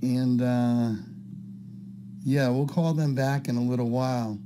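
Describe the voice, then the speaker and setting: Slow, halting man on a noisy line. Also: mid-range voice, level tone, mellow. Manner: halting, feigned naive, stammers. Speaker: scambaiter caller. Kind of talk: prank phone call and commentary.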